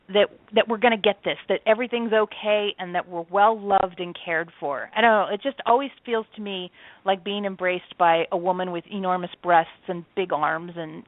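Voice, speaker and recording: A woman's voice: medium pitch, dry recording. A woman guest in an interview, talking in a chatty, enthusiastic way with frequent restarts. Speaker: channeler and author, interview guest. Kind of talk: casual interview talk. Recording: dry tinny phone line.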